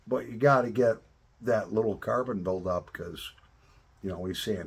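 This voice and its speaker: A man casually chatting to camera as a pipe-smoking vlogger, telling rambling stories in a relaxed way. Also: fairly low pitch, vocal fry, breathy edge. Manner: relaxed, rambling storytelling with drawn-out pauses.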